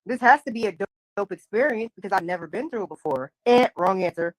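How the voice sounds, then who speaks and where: A woman telling a long personal story in a loose, animated way, slipping into slang and acting out what others said. Her voice sits in an ordinary middle pitch. It is recorded close and dry, with no room sound. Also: fast talker, no echo, low-quality recording. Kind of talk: casual spiritual chat.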